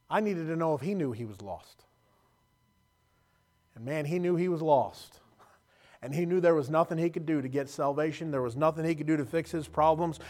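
A man preaching a sermon, telling stories with emotion and moving from loud passages to quiet, hushed ones. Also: fairly high pitch.

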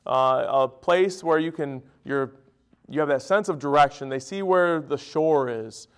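A man's voice: on the high side, a little slow, smooth. A middle-aged man preaching a sermon. He talks in a conversational, storytelling way, with emphatic bursts.

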